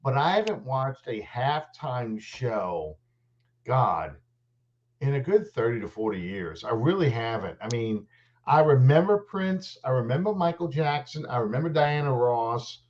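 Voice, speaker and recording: A man chatting casually about sports as a show co-host, speaking at a middling pitch. He rambles and restarts his sentences, and he turns animated as his stories pick up. His voice comes through dull and lo-fi over a call. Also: measured pace. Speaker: podcast co-host. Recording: dull lo-fi audio.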